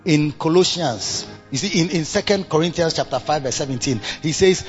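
A man preaching a sermon. He repeats himself and swings between low murmurs and loud bursts of emphasis. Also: moderate pace, muffled recording, faint music behind.

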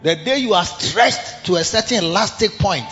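A man's voice: sits high, expressive, moderate pace, sharp tone, big-room sound, highs cut off, faint music behind. A man preaching a sermon as a pastor, dramatic and acting out the voices of others. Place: large church hall.

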